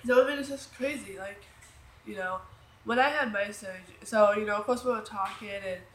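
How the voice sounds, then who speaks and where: A woman's voice: mid-range voice, a little fast. Woman in her 30s rambling through an emotional story, lots of ums, roomy echo and a bit of hiss. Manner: rambling, emotional, many fillers and restarts. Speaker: vlogger. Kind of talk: casual storytelling. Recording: echoey room with faint noise.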